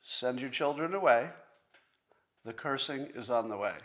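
A man in his sixties hosting a solo commentary show, talking in an emphatic, sarcastic and profane way and repeating points slowly for emphasis. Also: medium pitch, animated, a bit bright. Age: 60s. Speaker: podcast host.

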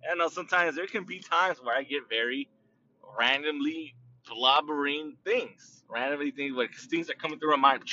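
A man rambles through his own podcast, circling back with plenty of fillers and stretched-out words. His voice sits a bit high and sounds bright and edgy. The recording is dull and set back from the mic, as if he sits across the room. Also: far from the mic. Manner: loose, drawn-out speech with many fillers and restarts. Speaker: podcast host. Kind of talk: casual rambling monologue.

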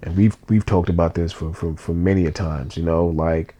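A man's voice: sits low, fairly even intonation, normal speed, dark tone. A man co-hosting a podcast, telling a personal story in an earnest, emotional way with casual slang.

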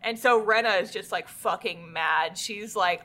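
A woman's voice: medium pitch, measured pace. A woman co-hosting a podcast in casual chat, retelling an anime's plot, swearing freely and acting out the characters' lines. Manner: animated storyteller who acts out characters' lines. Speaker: podcast co-host.

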